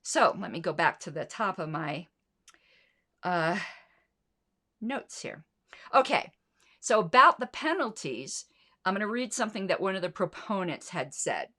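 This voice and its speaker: A woman's voice: lowish voice, big pitch swings, a little slow, long pauses, bright, forceful tone. A middle-aged woman hosting a political commentary livestream, blunt, sarcastic and indignant, with plenty of swearing. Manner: sarcastic rhetorical questions.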